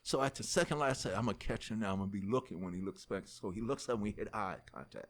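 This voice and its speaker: Guesting on a podcast, this middle-aged New Yorker, a rapper from the United States, spins a long story very fast in a fairly low voice. He acts out what other people said, swears without restraint, and keeps the casual interview lively.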